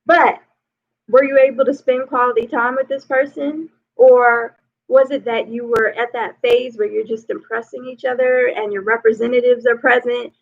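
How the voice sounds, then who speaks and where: A woman life coach talks through relationship advice, fairly high in pitch with a gravelly edge of vocal fry. Her delivery is loose and chatty, full of "you know". The sound is tinny and narrow, as if heard over a phone line. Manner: conversational, peppered with "you know".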